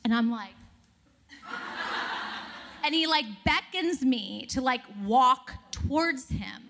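A woman with a high-sitting voice speaks slowly on stage, entertaining a live crowd with animated stories and laughing throughout.

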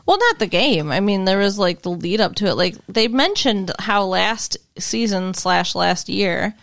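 A podcast co-host with a mid-range, slightly bright voice chats casually and wryly while recapping a TV episode. She speaks a little slowly with lively intonation and some vocal fry, filling her talk with lots of fillers.

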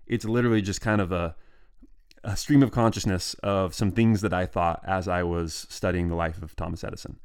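A man's voice: low voice, fairly even intonation, fairly quick, a little mellow, clean tone. A man hosting a solo history podcast, talking casually and musing aloud with restarts and asides.

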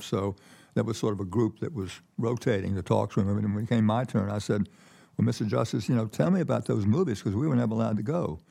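Older man, keynote guest, dark gravelly voice, halting, repeats words, casual storytelling. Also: on the low side. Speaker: keynote guest, former ambassador. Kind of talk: conversational storytelling. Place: conference stage with audience.

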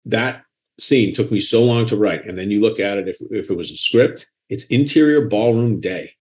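A man with a Boston accent, an author talking frankly and with animation in a casual interview. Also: lowish voice. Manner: frank and animated, quick asides and laughter.

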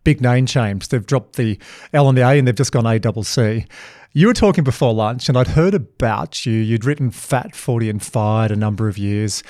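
Animated male podcast host. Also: medium pitch, normal speed, no echo. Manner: animated storyteller, mimics voices when retelling. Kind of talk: casual podcast conversation. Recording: dry close mic, faint guitar music.

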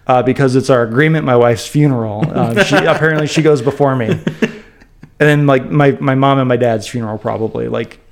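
A man co-hosting a podcast, chatting casually, animated and playful with stammering restarts. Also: mid-range voice, a little fast. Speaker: podcast co-host. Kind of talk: casual chat.

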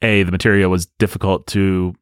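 Podcast co-host, male, very low voice, dry close recording, chatty and opinionated. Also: level tone, fairly quick, clear, resonant tone, no room sound. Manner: opinionated, conversational, digressive. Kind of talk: casual film discussion.

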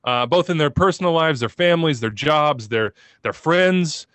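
A man co-hosting a podcast, talking about soccer in a passionate, excitable and emotional way, rambling as he goes. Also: a little high, normal speed, few pauses, no echo. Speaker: podcast co-host.

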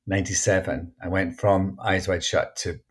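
A Scottish actor and memoir author, appearing as an interview guest, tells stories frankly and chattily, restarting often. His voice sits low with a flat delivery, a moderate pace, and a slightly rough texture.

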